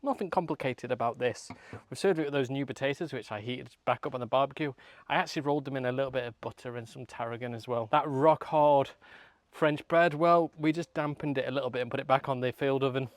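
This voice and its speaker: A man presenting a recipe outdoors at a motorhome, relaxed and savoring, talking the viewer through each step of a cooking demonstration. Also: medium pitch, fast, no echo. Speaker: camper cook presenting a recipe.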